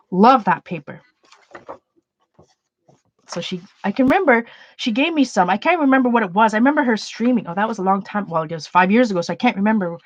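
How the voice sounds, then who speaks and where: A woman's voice: mid-range voice, a little mellow, lo-fi sound, a little hiss or hum. A woman casually chatting on her art livestream, rambling and questioning herself with many restarts. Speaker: art journaling streamer. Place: home art room with shelves.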